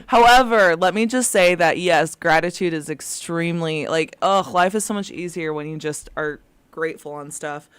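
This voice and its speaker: A woman's voice: fairly low pitch, clear, resonant tone, dry recording. A woman co-hosting a morning radio show, chatting casually and telling stories, laughing easily, at a studio microphone. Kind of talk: casual on-air chat.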